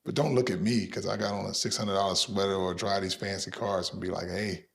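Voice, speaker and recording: A middle-aged man, a guest on an interview, tells boastful stories with lively energy, acting out the voices of the people in them. His voice is low, gravelly, and brisk. It's animated storytelling in an interview setting.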